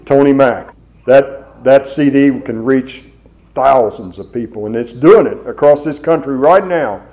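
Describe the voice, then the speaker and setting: An earnest male preacher delivers a sermon, driving points home by repeating them. His voice is warm and mellow. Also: mid-range voice, unhurried, rough recording. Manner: earnest, repeating phrases for emphasis. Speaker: chaplain preacher.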